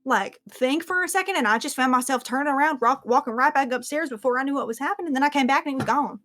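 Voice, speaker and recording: Brief: swearing, excitable young squire , played by a woman, higher lively voice, faint music. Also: fast talker. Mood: excited.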